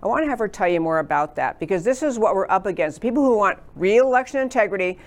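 A woman's voice: mid-range voice, lively intonation, fast. A woman from New York hosting a political talk show in a studio, enthusiastic and effusive.

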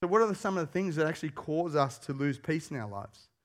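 A pastor preaching a sermon, telling stories with animation and putting questions to the congregation. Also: male voice, a little high, quick pace. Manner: animated storyteller who asks the congregation questions.

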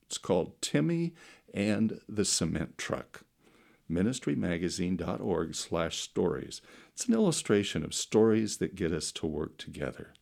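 A middle-aged man preaching a sermon through slow, dramatic storytelling that swings between loud and soft. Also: sits low, very animated, creaky. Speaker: pastor.

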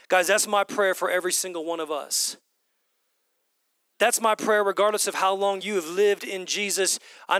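A man preaching a sermon to his congregation, animated, swinging between loud bursts and hushed whispers. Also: sits high, dry recording. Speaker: pastor. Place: church hall with congregation.

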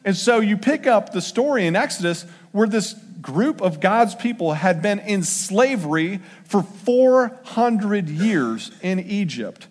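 A man's voice: sits high, expressive, slow, hardly any pauses. A man preaching a casual sermon, talking conversationally and acting out the quotes in changing voices. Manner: conversational, acts out quotes with shifting voice. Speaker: pastor. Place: church sanctuary. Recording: long hall reverb.

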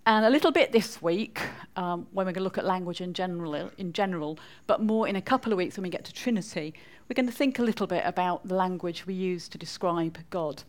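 A woman's voice: lowish voice, fast talker, few pauses. A woman from northwest England with a Mancunian accent, giving a chatty church talk and quizzing the congregation. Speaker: preacher.

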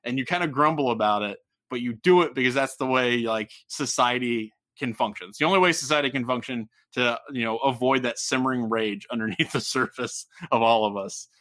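A man's voice: mid-range voice, a little fast, few pauses, a bit bright, dry recording, clean studio sound. A man from Ohio co-hosting a casual sports podcast. He rambles, repeats and corrects himself, and chuckles often. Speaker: podcast co-host.

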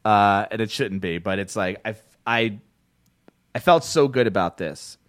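A man's voice: on the low side, measured pace, dry recording, clean studio sound. A man hosting a podcast in casual chat, telling stories with lots of laughs and swearing. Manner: animated storyteller, swears freely, laughs often. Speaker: podcast host.

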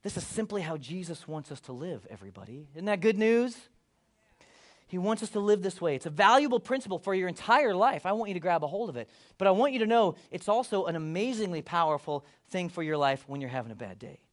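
A man with a high, light voice delivering a sermon with lots of energy. He jokes with the listeners and acts out the people in the story as he goes. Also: fast. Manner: animated, playful asides, acts out voices of the disciples. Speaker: pastor.

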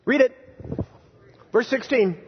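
A male pastor preaching a sermon in a church, animated and quizzing his congregation with playful sarcasm. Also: extremely high pitch, takes it slowly, a little hiss or hum. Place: church sanctuary. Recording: dull, reverberant church hall recording.

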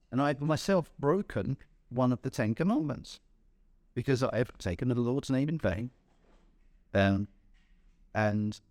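A man's voice: mid-range voice, a little mellow, no echo, clean studio sound. A man giving a sermon, telling a playful story in the first person and chuckling at his own jokes. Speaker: preacher.

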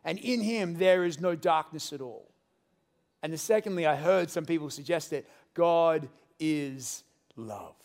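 A man preaching a sermon to a church congregation, animated and joking with the crowd. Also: fairly high pitch, unhurried. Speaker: pastor.

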